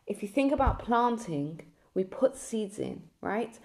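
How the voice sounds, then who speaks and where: A woman's voice: medium pitch, sing-song, a little slow, a little mellow. A woman teaching a lesson on a religious text, speaking earnestly and telling a story with frequent restarts.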